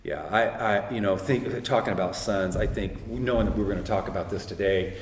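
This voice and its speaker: A man's voice: lowish voice, a little fast, a little hiss or hum. A middle-aged man earnestly retelling a faith story, full of quoted speech, in casual conversation. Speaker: guest speaker. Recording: roomy hall reverb, faint ambience.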